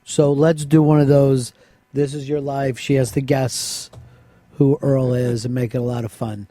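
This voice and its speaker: A man's voice: mid-range voice, flat delivery, measured pace, warm tone, no echo. A man hosting a radio talk show, teasing and joking with his guests.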